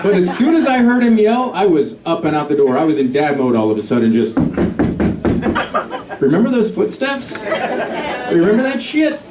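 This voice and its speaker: A middle-aged man performing a stand-up comedy set, telling a story and acting out quotes with sudden loud shifts. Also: fairly high pitch, fast talker, few pauses, distant mic, heavy background noise. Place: comedy club stage with a laughing audience. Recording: echoey live club audio with crowd laughter.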